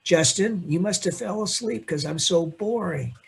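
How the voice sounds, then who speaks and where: A man teaching accounting to a classroom, with a husky, slightly high voice. He lectures in an animated, teasing way, quizzing students by name as he goes. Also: normal speed. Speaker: accounting instructor.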